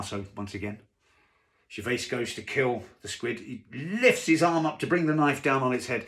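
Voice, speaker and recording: A man's voice: medium pitch, normal speed, fairly bright tone. A man casually telling a long joke to camera from home, rambling with asides and fillers. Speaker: joke teller. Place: home during lockdown.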